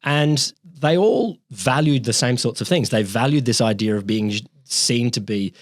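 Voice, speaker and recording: A man's voice: mid-range voice, a little slow, no room sound. Guy on a podcast telling history, voice jumps all over, dry close mic, swears a bit. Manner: animated, swears casually, restarts sentences. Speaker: podcast co-host explaining history. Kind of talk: casual conversational podcast.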